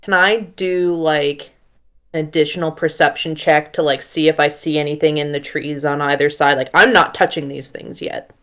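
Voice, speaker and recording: A woman playing a tabletop game, explaining her character's actions in a casual, rambling way. She leans on "like" a lot. Her voice sits low. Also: steady tone, normal speed, a bit bright. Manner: casual, lots of "like". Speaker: player.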